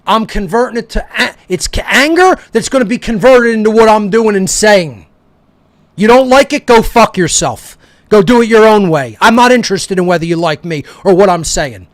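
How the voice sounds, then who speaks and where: A man with a notably high voice rants angrily as a talk show host, swearing freely and berating his audience. His delivery is heated and confrontational. The sound is close and dry, with no room around it. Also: animated, brisk, no room sound. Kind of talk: angry ranting monologue.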